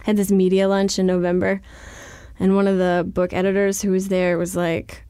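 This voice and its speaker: A woman's voice: medium pitch, completely flat delivery, moderate pace, warm tone, smooth, no echo, studio quality. A woman author speaking as an interview guest, chatty and candid, scattering "like" through her sentences with a wry, self-deprecating humor.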